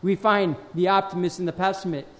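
High-voiced preacher with a lively swing. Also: male voice. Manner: slows and swells on scripture, drops low on asides; addresses the congregation directly, repeats phrases. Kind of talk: sermon with scripture reading.

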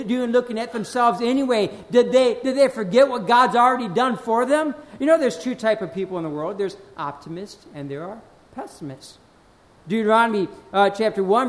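A man preaching a sermon, reading scripture slowly and with weight, then dropping low to speak directly to the congregation, often repeating phrases. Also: fairly bright tone. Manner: slows and swells on scripture, drops low on asides.

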